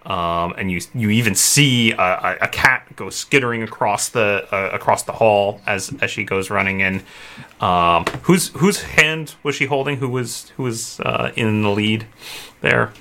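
Male game master, bright tone, loose rambling narration full of ums. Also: fairly low pitch, a little slow, a little hiss or hum. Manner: relaxed, rambling with many fillers.

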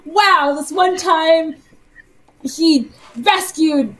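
Woman player, very high and slow, lively and giggly. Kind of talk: casual tabletop play.

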